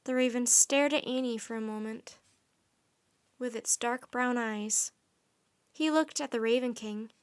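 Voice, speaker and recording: A woman reading a children's story aloud in soft, even narration. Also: fairly high pitch, measured pace, pauses often, smooth.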